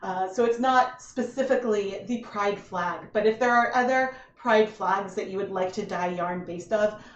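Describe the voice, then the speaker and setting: A woman in her thirties hosting a casual craft livestream, talking in a rambling, halting way with many fillers and restarts. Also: mid-range voice, roomy sound, muffled recording. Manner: emotional, tearing up while thanking donors.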